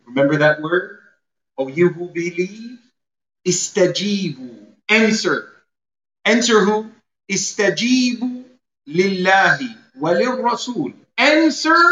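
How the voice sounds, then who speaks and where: A man's voice: high-pitched, animated, slow pace, sharp tone. A man giving a sermon, explaining Arabic terms and acting out everyday scenes. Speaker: preacher. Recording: roomy, slightly dull sound.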